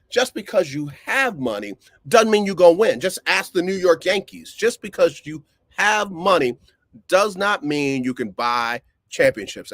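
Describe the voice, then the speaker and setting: A middle-aged man hosts a live-streamed sports show in a loose, chatty way. His voice sits a bit high and is recorded close and dry, with no room sound. He repeats himself for emphasis and jumps sharply up in pitch when a point gets him going. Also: fairly bright tone, no echo. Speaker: sports talk show host.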